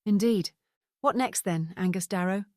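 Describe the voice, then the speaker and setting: A woman's voice: medium pitch, normal speed, no echo, clean studio sound, natural voice. A woman voicing a wary middle-aged male ex-detective who speaks tersely in an audiobook. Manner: terse, plain questions.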